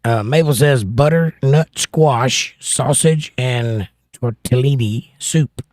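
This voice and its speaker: On his casual livestream, a middle-aged host from the United States reads comments aloud and spars with viewers in playful, combative fashion. He speaks slowly in a medium-pitched, slightly mellow voice, recorded at studio quality with no room sound.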